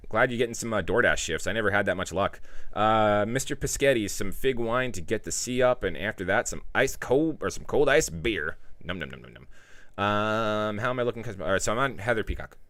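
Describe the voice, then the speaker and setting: Man, stream host, low voice, loose chatty delivery, dry close mic. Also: fairly bright tone, dry recording. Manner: loose and chatty, reads out viewer chat. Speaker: livestream host. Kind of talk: casual livestream chat.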